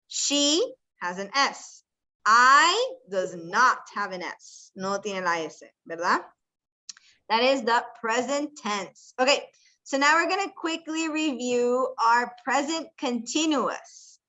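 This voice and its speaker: Slow, bright-voiced bilingual teacher woman. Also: high-pitched, lively intonation. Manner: patient, explains step by step and quizzes students; switches between English and Spanish. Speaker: ESL teacher. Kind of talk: bilingual classroom lesson.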